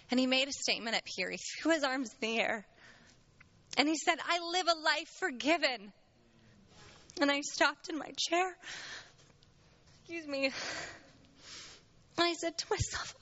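Woman preacher, heartfelt and emotional, bright tone, muffled lo-fi church recording. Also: a little high. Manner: earnest, emotional, voice rising when moved. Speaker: church speaker. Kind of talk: sermon. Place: church sanctuary.

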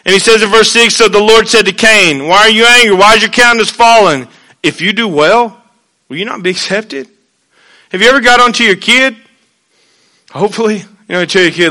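A man preaching a sermon in a folksy way, dropping to hushed asides and rising to loud, emphatic points. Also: high voice, fairly quick.

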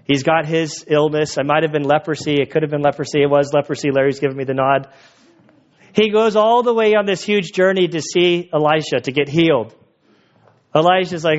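A man delivering a sermon with a somewhat high-pitched voice, talking casually and with animation as he retells a story. The recording sounds a little dull and lo-fi. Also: fairly quick. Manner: conversational, animated retelling with acted quotes. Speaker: pastor.

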